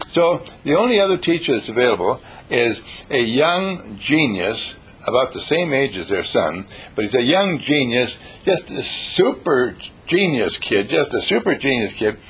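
A man giving an inspirational talk, telling stories in an animated, emphatic way and repeating his key lines. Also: mid-range voice, measured pace, slightly rough. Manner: animated, repetitive, emphatic storyteller. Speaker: speaker.

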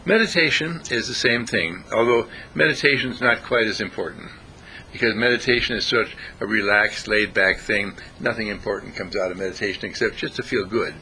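A man giving an informal spiritual talk, animated and acting out voices as he goes. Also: fairly low pitch, brisk, slight background noise, rough recording. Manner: animated, acts out voices, chuckles often.

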